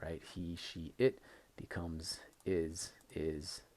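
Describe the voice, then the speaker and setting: A man with a fairly low voice leads a recorded English lesson. He talks patiently and keeps repeating the key phrases, leaning on them for emphasis. He sounds like a teacher walking students through the basics. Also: flat delivery, slow pace, darkish tone.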